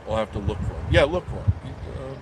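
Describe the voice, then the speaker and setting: A man's voice: medium pitch, lively intonation, fast talker, background noise. A middle-aged man hosting a casual live stream, reading viewer comments aloud and rambling through jokey banter with frequent chuckles.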